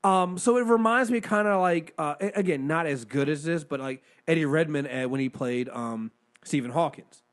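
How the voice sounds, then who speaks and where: A man co-hosting a casual movie review chat, excitable, swearing freely and restarting sentences. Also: fairly high pitch, moderate pace. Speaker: podcast co-host reviewing films.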